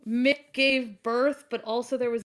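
Slightly high-voiced woman co-hosting a podcast. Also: fairly even intonation, crowd noise. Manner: organizing, quick asides, scattered. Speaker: podcast co-host and editor. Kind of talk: casual chat. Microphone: own mic on a remote call.

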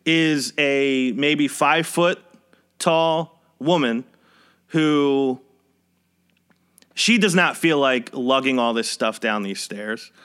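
A young man hosting a podcast casually tells a personal work story in a wry, conversational way, chuckling as he goes. His mid-range voice is smooth and a bit bright, and he speaks slowly with long pauses.

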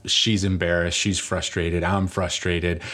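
A man preaching a sermon, telling a personal story in a lively way and joking about himself. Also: low voice, measured pace. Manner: animated storytelling, self-mocking humor. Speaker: pastor.

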